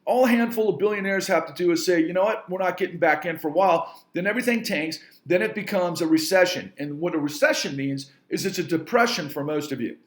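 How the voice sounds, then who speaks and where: A man's voice: sits high, quick pace, few pauses, roomy sound. A man giving an angry, emphatic rant straight to his audience, repeating himself for force. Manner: angry, emphatic, repetitive, swearing mildly. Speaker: filmmaker and entrepreneur. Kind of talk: impassioned rant to camera.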